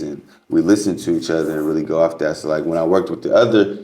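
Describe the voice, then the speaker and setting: A man's voice: rumbling low, quick pace, mellow. A male musician, a guest on a podcast, talking about his studio work in a laid-back, slangy way. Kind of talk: casual interview chat.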